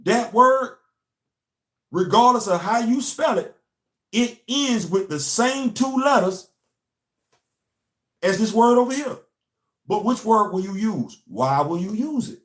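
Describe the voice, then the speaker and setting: A man's voice: very high-pitched, takes it slowly, long pauses, fairly bright tone. A young man from the United States hosting an impassioned monologue, emphatic and preachy, repeating his key lines. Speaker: host. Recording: echoey room.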